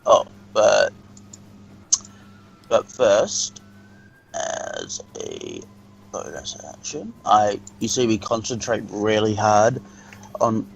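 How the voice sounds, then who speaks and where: A man playing in a tabletop role-playing game, talking slowly and hesitantly about his character's actions. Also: fairly low pitch, big pitch swings, gravelly, lo-fi sound, a little hiss or hum. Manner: hesitant, slow. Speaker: player.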